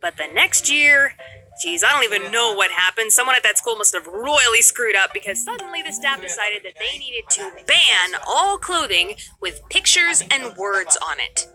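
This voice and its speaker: A young woman telling a scripted storytime about her school days in a lively, sarcastic, jokey way. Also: fairly high pitch, moderate pace, soft background music. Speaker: animated storytime narrator.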